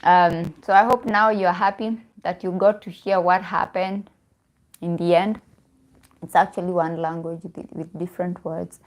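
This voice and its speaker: A woman's voice: fairly low pitch, fairly even intonation, moderate pace. A young woman with a Kenyan accent chatting casually on a live stream, laughing often and restarting her phrases. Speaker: vlogger.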